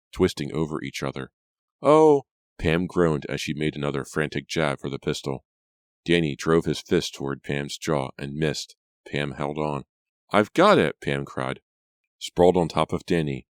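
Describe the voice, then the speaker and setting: Brief: deep male narrator, steady storytelling, dry studio sound. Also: no room sound. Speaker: audiobook narrator. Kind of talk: scripted narration.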